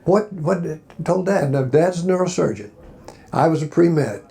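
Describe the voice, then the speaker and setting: Gravelly older man telling stories. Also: fairly high pitch, animated, unhurried, mellow. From Alabama. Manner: folksy, rambling, encouraging. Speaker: convention panel guest. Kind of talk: storytelling Q&A. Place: hotel convention panel room.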